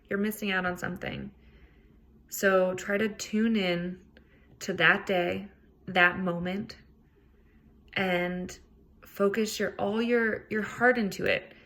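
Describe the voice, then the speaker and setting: A woman's voice: medium pitch, fairly even intonation, a little slow, fairly bright tone. A woman hosting a solo self-help podcast, talking in a casual, earnest way and swearing freely. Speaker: podcast host.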